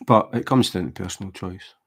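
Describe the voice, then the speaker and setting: A man with a fairly low, gravelly voice chats casually as he works on a craft. He explains tips in a relaxed way, often restarting sentences and filling pauses. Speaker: diamond painting livestreamer. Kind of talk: casual chat while crafting.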